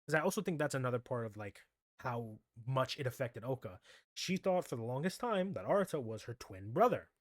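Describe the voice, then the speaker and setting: A man's voice: medium pitch, animated, brisk, dry recording, studio quality. A man talking casually as he recaps an anime episode in a rambling way, often tagging "right?" onto his sentences. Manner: rambling, keeps adding "right?" and restarts. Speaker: anime commentary host.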